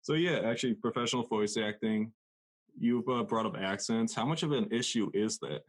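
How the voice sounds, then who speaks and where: A man with a low voice hosts a casual podcast interview. He asks his questions loosely, with fillers and pauses. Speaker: podcast host.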